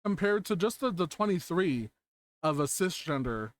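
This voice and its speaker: A man's voice: high voice, very animated, moderate pace. A man hosting an interview chat, earnest and emphatic, repeating key words for weight. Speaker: host.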